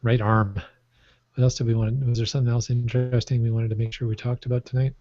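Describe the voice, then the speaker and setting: A man's voice: medium pitch, little pitch movement, fast talker, a little mellow, dry recording. Podcast co-host, male, rambling and joking, dry and slightly dull recording. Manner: rambling, jokey, laughs often. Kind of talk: casual chat. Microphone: microphone on a stand. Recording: muffled, dry podcast audio.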